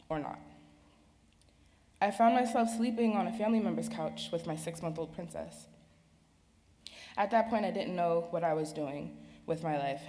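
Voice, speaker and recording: A young woman reading a personal speech at an event, slow and earnest. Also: fairly low pitch, dark tone. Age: young adult. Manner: slow, earnest, halting delivery. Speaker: speaker sharing her story. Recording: reverberant hall with faint ambience.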